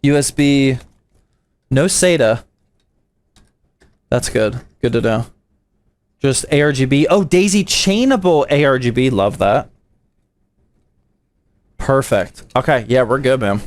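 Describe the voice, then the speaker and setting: A man's voice: mid-range voice, lively intonation, slow, long pauses. A young man from the United States, a PC building streamer, chatting casually with his live chat in a slangy, playful way.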